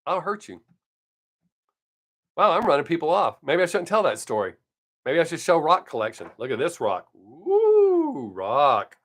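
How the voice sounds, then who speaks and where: A man's voice: on the high side, lively intonation, fast talker, fairly bright tone. An older man, chatting casually on his live stream from home and telling stories bluntly, with plenty of swearing. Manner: profane, blunt storytelling.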